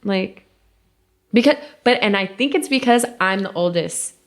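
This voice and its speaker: A young woman co-hosting a podcast, telling a painful personal story in a halting, emotional way that drops to a hush at hard moments. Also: medium pitch, animated. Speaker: podcast co-host.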